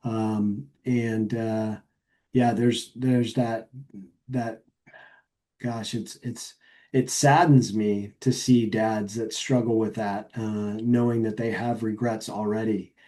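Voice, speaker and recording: A middle-aged man speaking as a podcast guest in casual chat, earnest and reflective, halting with many fillers and restarts. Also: lowish voice, little pitch movement, dark tone.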